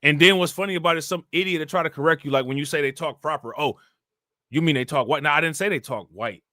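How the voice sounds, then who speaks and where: Bright-voiced man ranting on a livestream. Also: fairly high pitch, quick pace, dry recording, studio quality. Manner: animated, ranting, slangy. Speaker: livestream host reacting to news. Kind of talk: casual livestream commentary.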